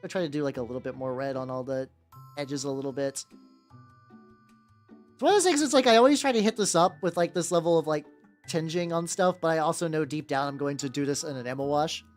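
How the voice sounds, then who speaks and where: A man with a higher-register voice streaming as he paints miniatures, chatting casually with viewers and rambling with lots of "like" and restarts. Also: fast, faint music behind. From United States. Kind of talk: casual livestream chat.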